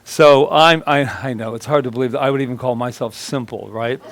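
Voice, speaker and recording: Man, pastor, conversational sermon, joking, storytelling, middle pitch, dry close sound. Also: fairly even intonation, brisk, fairly bright tone, dry recording. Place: church service.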